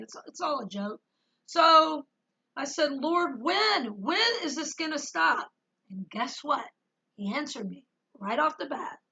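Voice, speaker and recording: A woman's voice: fairly high pitch, pushed and bright, breathy edge, low-quality recording. A woman giving an emotional personal testimony as a Christian vlogger, speaking emphatically and reading scripture aloud with rising intensity.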